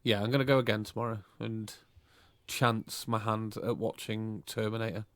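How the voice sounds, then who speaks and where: A man's voice: fairly low pitch, flat delivery, normal speed, dry recording. A man co-hosting a casual podcast chat, rambling and correcting himself as he goes. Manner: rambling, easygoing, self-correcting. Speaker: podcast co-host.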